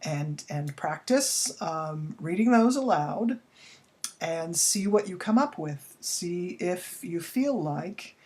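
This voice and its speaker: A woman's voice: fairly low pitch, lively intonation, slow pace, darkish tone. Woman teaching a poetry lesson. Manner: explanatory, exaggerates poetic rhythm when reading aloud; uses fillers and restarts, chatty. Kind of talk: recorded classroom lesson.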